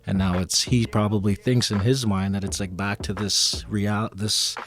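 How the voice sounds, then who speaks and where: Man panelist, lowish voice, storyteller who acts out quotes, soft music underneath. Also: steady tone, normal speed. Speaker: panelist and ceremony helper. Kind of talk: radio panel discussion, storytelling.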